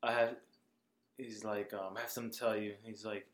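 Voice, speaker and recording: A man's voice: lowish voice, level tone, brisk, reverberant. A man co-hosting a podcast, chatting casually about a movie, filling his talk with "like" and laughing often. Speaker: podcast co-host. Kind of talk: casual movie review chat.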